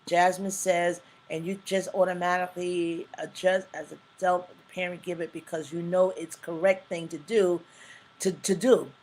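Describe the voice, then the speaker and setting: A woman's voice: on the low side, level tone, moderate pace, a little mellow, slight background noise, rough recording. A woman hosting a live talk stream, chatting casually and reading viewer comments aloud with emphatic, preacher-like asides. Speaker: livestream talk show host.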